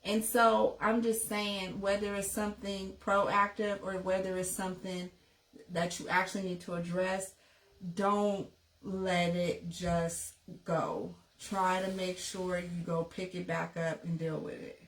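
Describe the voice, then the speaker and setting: A woman's voice: on the low side, steady tone, measured pace. Reflective woman coach in an echoey room. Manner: reflective, tells personal stories. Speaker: couples and personal development coach. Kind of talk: casual conversation on a podcast. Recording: echoey room, distant from the mic.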